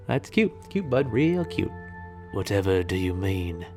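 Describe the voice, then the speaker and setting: A man plays a sarcastic, short-fused guy who mocks with a raised, sneering voice. His lines sound pitched up and pushy. Faint music runs under the scene. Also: wildly swooping pitch, slow pace, heavily acted. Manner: sarcastic, mocking. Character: sarcastic, hot-tempered man fed up with a meditation guide. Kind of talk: comedy sketch.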